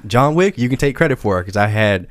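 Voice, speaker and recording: Male podcast host, easygoing and rambling, lowish voice, dead-dry close sound. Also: expressive, fast talker, dry recording. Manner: laid-back, rambling, laughs a lot. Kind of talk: casual podcast chat.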